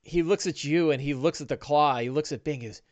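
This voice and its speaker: A man's voice: a little high, brisk, darkish tone. A man narrating a tabletop game as game master, rambling with many restarts. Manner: rambling, with frequent fillers and restarts.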